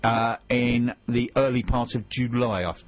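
A man's voice: medium pitch, flat delivery, moderate pace, dull audio. A man co-hosting a radio show in casual chat, reading out tweets and spelling out web addresses.

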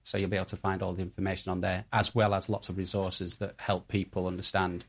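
A man's voice: low-pitched, flat delivery, quick pace, husky. A man with a Yorkshire accent, a radio guest talking about online security, speaking hesitantly with many fillers. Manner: hesitant, many ums and uhs. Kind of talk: radio interview.

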